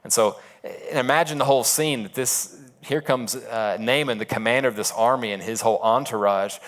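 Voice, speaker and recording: A man's voice: mid-range voice, a little fast, fairly bright tone. A man preaching a sermon as a pastor, retelling a story in a casual, conversational way with asides.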